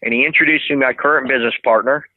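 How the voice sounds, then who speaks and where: A man, a restaurant owner, tells long rambling stories with lots of "you know" and false starts. His voice sits at an ordinary pitch and comes through a thin, phone-like line with no room sound at all. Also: steady tone, very fast, no room sound. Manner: rambling, many restarts and fillers. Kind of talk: casual interview storytelling. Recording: dry tinny phone-like line.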